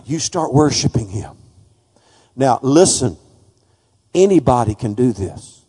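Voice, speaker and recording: A male preacher giving a folksy sermon that builds to fervent, shouted praise. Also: medium pitch, animated, takes it slowly, breathy edge, big-room sound.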